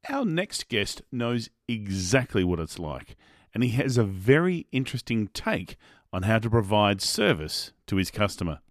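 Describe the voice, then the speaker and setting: A man's voice: on the low side, big pitch swings, normal speed. A man hosting a podcast, chatty, upbeat and jokey as he introduces and questions his guest. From Australia. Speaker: podcast host. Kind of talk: casual interview hosting.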